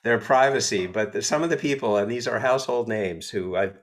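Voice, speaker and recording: A man with an American accent, an entertainment attorney telling animated, self-deprecating stories in a casual interview. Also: mid-range voice, brisk, slight background noise. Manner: animated, self-deprecating storyteller with a snarky edge.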